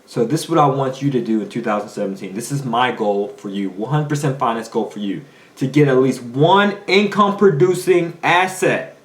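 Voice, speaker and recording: A man's voice: medium pitch, moderate pace. Emphatic man coaching in an echoey room. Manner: emphatic, preachy, rhetorical questions. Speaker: finance coach. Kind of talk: motivational monologue.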